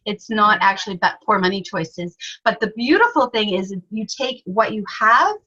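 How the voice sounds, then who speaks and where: A woman's voice: mid-range voice, expressive, moderate pace, bright, forceful tone, slightly rough. A woman guest in a conversational interview, explaining things earnestly with examples. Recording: dull lo-fi sound.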